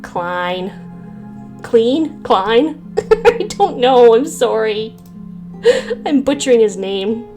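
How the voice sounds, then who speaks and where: A woman playing through a story game and reading it aloud, laughing at herself between lines. She talks slowly and unhurriedly, with faint music playing underneath. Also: fairly high pitch, lively intonation, mellow. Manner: giggly, self-mocking asides. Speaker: gaming channel host. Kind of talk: reading a visual novel aloud with commentary.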